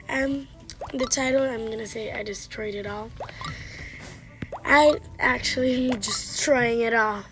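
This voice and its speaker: A gaming channel host chats casually about a game she's playing, scolding the characters on screen as game music plays behind her. Her fairly high voice moves at a measured pace with frequent pauses.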